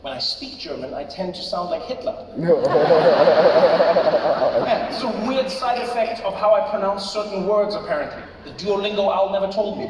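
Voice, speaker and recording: A South African man tells a stand-up story on stage, slipping in and out of the voices of the people in it. His voice sits high, and it is picked up from a distance in a huge hall with a long, booming reverb. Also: animated, moderate pace, heavy background noise. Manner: storytelling, acts out voices, shouts punchlines. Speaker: stand-up comedian. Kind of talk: stand-up set. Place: large arena on stage. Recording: echoey arena from far off, crowd laughter.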